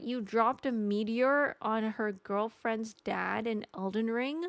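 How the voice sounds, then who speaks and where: A woman's voice: a little high, slow pace, smooth, no room sound. A young adult woman chatting casually with her live-stream audience, rambling and joking at her own expense. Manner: chatty, rambling, self-mocking.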